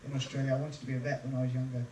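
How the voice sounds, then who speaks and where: A man's voice: medium pitch, flat delivery, racing, a little mellow, a little hiss or hum. A man entertaining a cruise ship audience, telling self-mocking jokes between songs into a stage mic. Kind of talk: live singing and stage banter. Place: large room on a cruise ship, live with audience. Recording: echoey, distant live recording with band.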